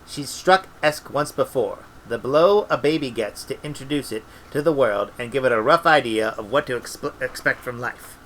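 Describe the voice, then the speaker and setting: A man reading a story aloud in a relaxed way, with restarts and little asides. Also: medium pitch, normal speed, few pauses, a little hiss or hum, low-quality recording. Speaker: audiobook reader.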